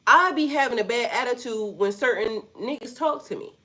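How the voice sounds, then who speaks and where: A woman's voice: a little high, moderate pace. Profane woman ranting a storytime. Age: adult with a son. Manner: blunt, profane, animated storytelling with asides to viewers. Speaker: spiritual vlogger. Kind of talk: casual storytime rant.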